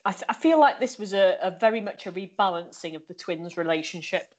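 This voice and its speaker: A woman's voice: fairly low pitch, lively intonation, fairly quick. A woman co-hosting a casual podcast chat, playful with dry quips. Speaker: podcast co-host.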